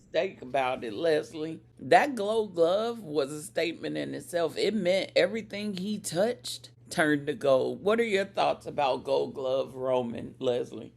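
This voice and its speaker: Podcast host, gravelly edge, mid pitch, steering a casual chat. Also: animated, unhurried, few pauses. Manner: recaps events and steers the talk to others.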